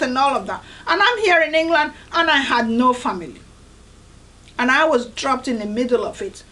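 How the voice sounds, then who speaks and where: A woman's voice: high voice, a little fast, sharp tone, low-quality recording. A woman from Nigeria, giving an earnest, emphatic devotional talk as host of a video series. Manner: earnest, emphatic, repeats "I tell you".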